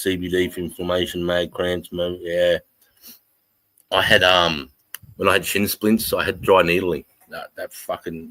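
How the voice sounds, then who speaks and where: A very deep-voiced Australian man in his forties talks casually on a livestream, swearing freely. He reads out the chat and greets viewers as brother in a blunt, friendly way. The sound is close and dry, with no room around it. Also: fairly bright tone, dry recording, poor audio. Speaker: livestream host reading chat.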